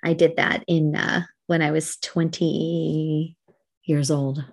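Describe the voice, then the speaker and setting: A woman's voice: low-pitched, flat delivery, slow pace, breathy edge. A woman from Canada co-hosting a podcast, telling a story in casual chat, swearing freely and laughing often. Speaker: podcast co-host.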